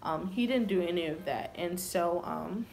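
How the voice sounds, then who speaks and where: A woman's voice: fairly low pitch, moderate pace, vocal fry, darkish tone. A young woman vlogger telling a personal story to camera in an earnest, confessional way.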